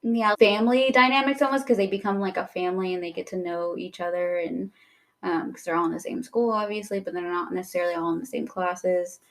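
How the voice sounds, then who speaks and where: A young woman co-hosting a podcast in casual chat, animated and quick to act out characters' lines. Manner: animated, acts out characters' lines in quick shifts of pitch and volume. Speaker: podcast co-host.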